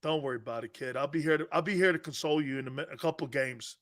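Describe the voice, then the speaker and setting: A middle-aged man hosts a sports talk show in a loose, joking way. His voice sits a touch higher than most men's. He laughs often, trails off and restarts his sentences as he banters with his crew. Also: rapid-fire, a bit bright.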